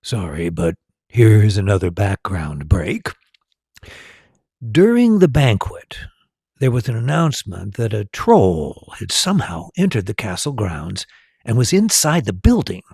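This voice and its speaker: Male storyteller, slow and animated, gravelly husky voice, dry close sound. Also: fairly low pitch, no room sound. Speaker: storyteller and tour guide. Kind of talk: storybook narration.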